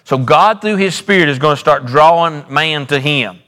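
A man's voice: fairly high pitch, moderate pace, bright, forceful tone, big-room sound. A male pastor delivering a sermon in a church, preaching with repetition and sudden rises and drops in his voice. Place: church sanctuary.

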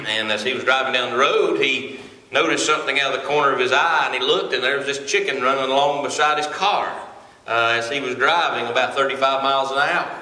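A man in his forties preaching from a pulpit in a folksy, halting way, often pausing on filler sounds. His voice is very bright and ringing. It echoes through the church sanctuary with a long reverb tail. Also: medium pitch. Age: 40s. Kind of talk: sermon with a joke opener.

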